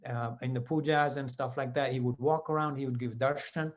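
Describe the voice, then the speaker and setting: Man in his fifties, mid-pitched, telling a devotional story conversationally, with asides and self-corrections. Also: steady tone, a little fast. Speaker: devotee sharing personal experiences. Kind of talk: personal storytelling talk.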